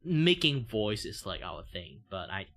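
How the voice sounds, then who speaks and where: Malaysian guy streaming while drawing, kinda low voice, rambly, lots of "like" and "um". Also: sing-song, measured pace, fairly bright tone. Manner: rambling, loose grammar, many fillers. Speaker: VTuber streamer.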